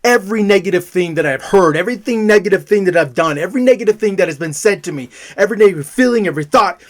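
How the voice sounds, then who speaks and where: Dad telling his story, bit higher voice, emphatic, says stuff over and over. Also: lively intonation, fast talker. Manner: emphatic, repeats words for emphasis. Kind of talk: personal storytelling.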